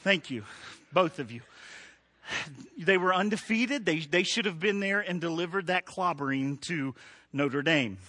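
A middle-aged man preaching a sermon, animated, building to emphatic peaks and dropping soft. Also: on the high side, unhurried. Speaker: pastor.

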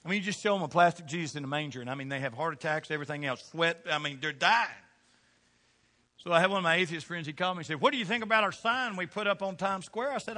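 A man preaching a sermon in church, swinging between loud calls and hushed asides. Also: high voice, lively intonation, brisk.

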